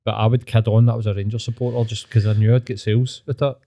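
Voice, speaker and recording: A man's voice: on the low side, level tone, fast talker, warm tone. A man with a Glaswegian accent hosting a podcast, ranting and mocking in sweary casual chat. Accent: Scottish (Glaswegian). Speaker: podcast host.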